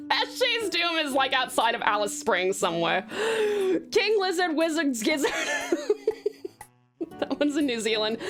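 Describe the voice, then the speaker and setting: A woman's voice: sits high, fairly bright tone. A woman streamer with a mixed American and Australian accent, chatting casually and bubbly with her viewers. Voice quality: bubbly and giggly, doting on chat. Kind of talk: casual live stream chat.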